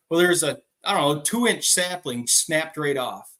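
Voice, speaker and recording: A man's voice: on the high side, fairly quick, bright, forceful tone. A man co-hosting a casual farm podcast, telling a story animatedly and acting out quotes. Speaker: podcast co-host.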